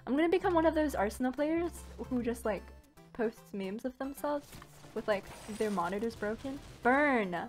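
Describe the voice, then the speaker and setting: An excitable woman with a fairly high voice commentating her own gameplay live from a home setup. She shrieks, exclaims and makes little gun noises between rambling asides. Faint game music plays softly behind her. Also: moderate pace. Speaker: gaming YouTuber.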